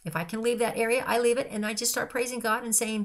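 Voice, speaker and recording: A woman's voice: fairly high pitch, level tone, fast talker, few pauses. An older woman, a grandmother, giving an earnest personal devotional talk in a repetitive, list-like way of speaking. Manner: earnest and repetitive, listing phrases. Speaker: christian speaker.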